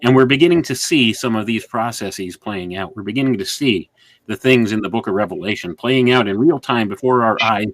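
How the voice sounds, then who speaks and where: A man with a fairly low voice hosts a religious interview, talking in an earnest, preacherly way. He leans on repetition for emphasis. His home mic sounds dry and close. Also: fairly bright tone, no room sound, low-quality recording. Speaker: host. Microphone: home microphone with adjustable gain.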